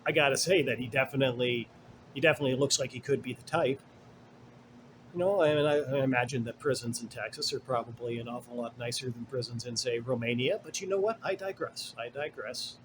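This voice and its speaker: A man's voice: medium pitch, fast, a little hiss or hum. Rambling, sarcastic male commentator. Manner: rambling and digressive, many fillers and asides; blunt and sarcastic, swears. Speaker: commentary host. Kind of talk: casual commentary monologue.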